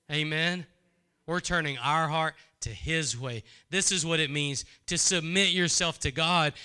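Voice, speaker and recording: A man preaching a sermon, often repeating his phrases and building in fervor before dropping to a hushed prayerful tone. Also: fairly high pitch, clean tone. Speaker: pastor.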